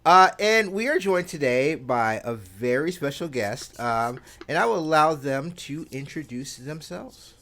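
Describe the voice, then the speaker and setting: A man's voice: on the high side, lively intonation, unhurried, hardly any pauses, fairly bright tone. A man hosting a casual podcast chat, laughing often as he talks. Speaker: podcast host.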